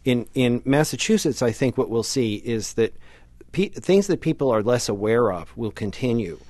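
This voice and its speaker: A man who is a professor and studio guest on a radio talk show, explaining in a measured, slightly halting way. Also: mid-range voice, animated, a little mellow, no echo.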